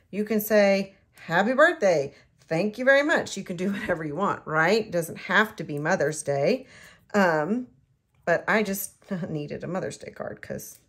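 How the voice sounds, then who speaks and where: A middle-aged woman, chatting to herself and the viewer in an excitable way while she shows how to make a card. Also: on the low side. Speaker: card-making demonstrator. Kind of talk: casual crafting tutorial.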